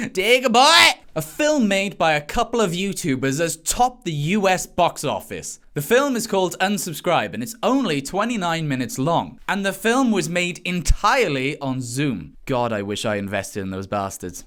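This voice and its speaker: A man's voice: fairly high pitch, very animated, normal speed, fairly bright tone. A man doing wisecracking, sarcastic comedic commentary on news stories. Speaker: comedy vlogger.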